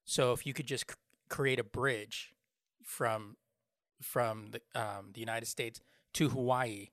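A man's voice: medium pitch, fairly even intonation, slow pace, fairly bright tone, no room sound, studio quality. A man co-hosting a podcast, telling a joke in casual comedic chat with lots of fillers and laughter. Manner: laughs a lot, tells jokes with filler words. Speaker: podcast co-host.

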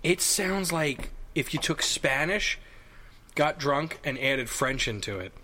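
Excitable New guy joking around. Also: a little high, takes it slowly, a loud crowd. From New York. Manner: excitable, joking, swears casually. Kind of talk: casual chat among friends.

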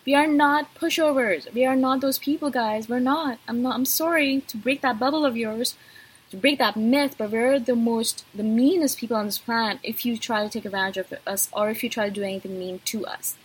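A woman's voice: a little high, fairly quick, slightly rough, poor audio. A woman vlogger talking straight to her viewers in an intense, passionate way. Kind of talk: direct-to-camera talk.

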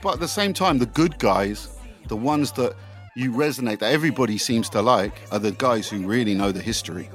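A middle-aged man, a DJ guest telling animated anecdotes in casual chat and acting out the people in them. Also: medium pitch, a little fast, soft background music. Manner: animated, swearing, acts out voices in anecdotes.

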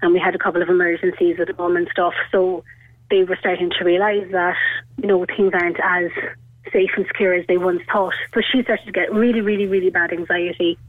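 A woman's voice: lowish voice, little pitch movement, a little fast, no echo. Irish woman talking over a phone line. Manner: chatty and rambling, full of "like" and "you know". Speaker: radio caller. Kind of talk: telling a personal story on a call-in show.

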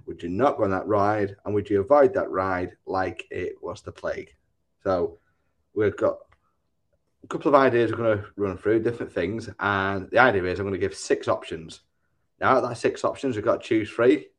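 A man co-hosting a casual podcast on an online group call. He explains the rules with jokey, dark exaggerations. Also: low-pitched. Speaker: podcast co-host. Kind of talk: casual chat, explaining a game.

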